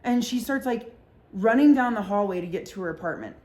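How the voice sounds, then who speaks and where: A woman tells a story in casual podcast chat, packing her talk with fillers and swearing freely. Her voice sits in an ordinary middle pitch. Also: expressive, darkish tone. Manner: fast-talking, full of fillers and swearing. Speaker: podcast host.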